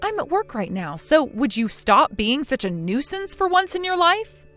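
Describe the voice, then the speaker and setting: A woman voicing a cool, sarcastic young wife in a scripted text-message drama, mocking quietly. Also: high-pitched, sing-song, normal speed, soft background music, heavily acted.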